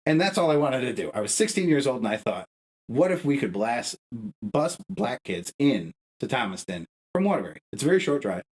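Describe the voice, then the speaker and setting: A man's voice: sing-song, brisk, a little mellow, poor audio. Profane, fired-up man ranting on a podcast. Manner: profane, emphatic, arguing with rising pitch. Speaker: podcast co-host. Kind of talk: heated casual podcast rant.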